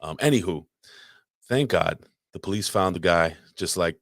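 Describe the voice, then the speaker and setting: Deep-voiced, rambling podcast co-host. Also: male voice, expressive, normal speed, fairly bright tone, no echo, studio quality. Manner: rambling, crude, restarts a lot while telling a story. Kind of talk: casual profane storytelling chat. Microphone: podcast microphone.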